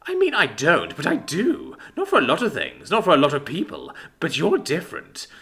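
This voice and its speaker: A man's voice: on the high side, wildly swooping pitch, moderate pace, a bit bright, voice pushed up, full character voice. A man voicing a blunt, aggressive young man in a narrated story, who swears freely and swings between menace and worry. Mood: earnest.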